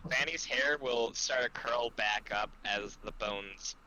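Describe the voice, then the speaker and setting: A man's voice: mid-range voice, slow pace, sharp tone, a little hiss or hum, low-quality recording. A man playing a tabletop game, describing what his character does. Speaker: player.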